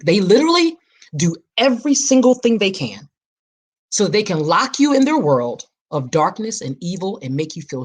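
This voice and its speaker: This forties-aged woman's voice sits low and is slightly rough as she hosts her podcast. In personal, reflective talk, she speaks emphatically, like a preacher, and repeats her key phrases.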